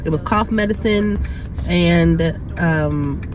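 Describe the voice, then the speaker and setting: A woman's voice: fairly low pitch, slow, poor audio. A woman vlogging casually while sick with a cough, short of breath, chatting and rambling from her car and then from home. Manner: rambling, chatty, talking while driving and walking. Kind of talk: casual vlog chat.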